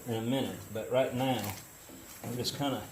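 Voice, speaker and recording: A middle-aged man, a metal casting hobbyist hosting from his foundry workshop, talks casually and easygoingly as he explains his work, sliding into storytelling in a chatty how-to style. His medium-pitched, slightly mellow voice moves at a moderate pace with fairly even intonation. The rough recording carries slight background noise.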